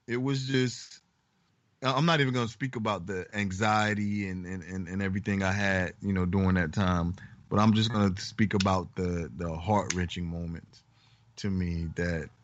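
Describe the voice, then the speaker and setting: A man's voice: low voice, unhurried, dry recording. A man co-hosting a podcast, recovering from covid, telling a family story in casual chat and laughing often. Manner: storytelling, animated, laughs a lot. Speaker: podcast co-host. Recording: dull lo-fi podcast audio.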